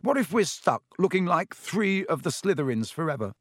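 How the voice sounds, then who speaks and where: A man's voice: on the high side, sing-song, moderate pace, a bit bright, dry recording, studio quality, voice pushed up. A man voicing a grumpy, sarcastic schoolboy who drawls his complaints irritably. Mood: grumbling.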